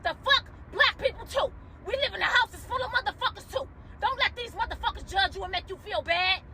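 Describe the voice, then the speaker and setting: A woman's voice: extremely high pitch, brisk, a loud crowd, very noisy. A woman giving an emotional, profane rant to camera from a car, heated and close to tears. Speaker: commentator reacting to a viral video.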